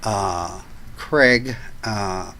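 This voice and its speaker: A man's voice: on the low side, drawn-out words, sharp tone, slight background noise, rough recording. An older man, a guest on a talk show, telling family stories in a chatty, anecdotal way and laughing as he goes. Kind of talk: casual storytelling chat.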